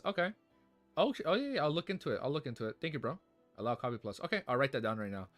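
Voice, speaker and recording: A man streaming live, reading a novel aloud haltingly and breaking off to joke and react to it. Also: on the high side, fairly bright tone, dry recording.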